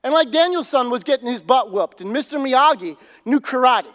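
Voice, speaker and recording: A man preaching a sermon as pastor, telling stories in a loose, conversational and animated way. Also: very high-pitched, fairly quick, few pauses, long reverb tail. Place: church sanctuary.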